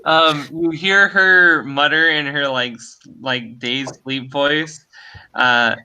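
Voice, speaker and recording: A man's voice: on the high side, steady tone, takes it slowly, sharp tone, slight background noise, rough recording. A man narrating a tabletop game as dungeon master, hesitant with many fillers.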